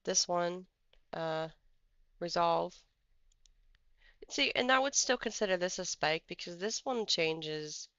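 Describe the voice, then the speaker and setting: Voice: medium pitch, slow pace, long pauses, bright, forceful tone, no echo, dull audio. A livestream host giving casual stock trading commentary, rambling and thinking aloud while pulling up charts. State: has the hiccups.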